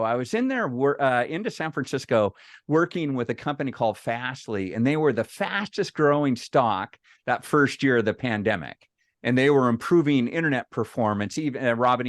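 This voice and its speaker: During an online meeting, a man with a medium-pitched voice leads a casual workshop, recounting anecdotes that he keeps restarting and asking the group questions. The studio sound is clean and dry.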